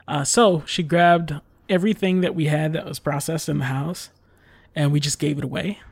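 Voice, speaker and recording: A man's voice: fairly high pitch, fairly even intonation, normal speed, gravelly, breathy edge, dry recording. A man telling a casual story in a rambling, exasperated way, full of fillers and the odd swear word.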